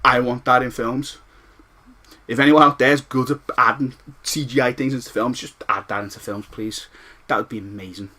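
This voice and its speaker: A man's voice: mid-range voice, fairly even intonation, normal speed, sharp tone. A man with a Scouse accent, ranting and rambling through a retro game review, swearing freely and repeating himself. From Liverpool, England.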